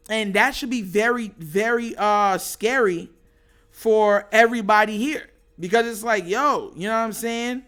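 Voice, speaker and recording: Man, bright high voice, animated sports host, faint music bed. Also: measured pace, clear, resonant tone. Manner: excitable, laughs often, animated. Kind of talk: casual sports commentary.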